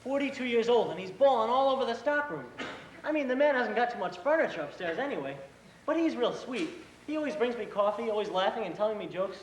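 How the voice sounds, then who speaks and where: In a school stage play, a young man with a very high voice plays an earnest, hot-headed eighteen-year-old brother, speaking quickly. He tells a story animatedly and indignantly, mimicking his boss. The recording has an echoey auditorium sound with faint hiss.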